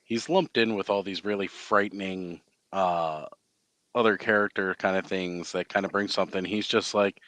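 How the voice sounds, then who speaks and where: A man's voice: sits low, steady tone, normal speed, a bit bright, dry recording. A man co-hosting a casual podcast chat, talking in a loose, rambling way with many fillers. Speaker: podcast co-host.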